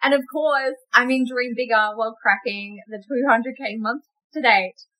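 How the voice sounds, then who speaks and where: A woman's voice: fairly high pitch, fairly even intonation, moderate pace, sharp tone, poor audio. A woman hosting a solo coaching podcast, talking in an effusive, repetitive way and laughing often as she acts out quoted conversations. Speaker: business coach podcast host. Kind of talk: excited solo podcast monologue.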